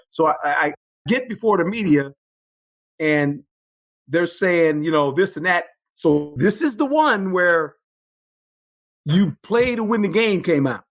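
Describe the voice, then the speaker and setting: An older man, a former football coach, telling stories as a guest in an interview, animated and emphatic, often repeating phrases. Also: high voice, measured pace, pauses often. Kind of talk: storytelling interview.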